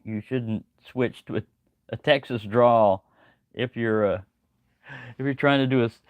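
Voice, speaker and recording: Early in the morning at home, an older man hosts a livestream, rambling in a folksy, chatty way and greeting viewers by name. His voice is medium-pitched, with no room sound.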